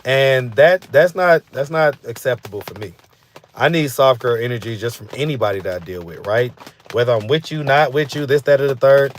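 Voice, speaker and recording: Talking a little fast at medium pitch, this street interview channel host reads out viewer comments on a live stream. His casual talk rambles, packed with "you know what I'm saying," and slight background noise is audible.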